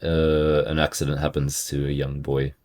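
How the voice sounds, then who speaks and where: A man's voice: a bass voice, normal speed. A man co-hosting a book podcast, telling stories with laughter and playful mimicry. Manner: animated storyteller, laughs, mimics voices. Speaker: podcast co-host. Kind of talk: casual chat about books.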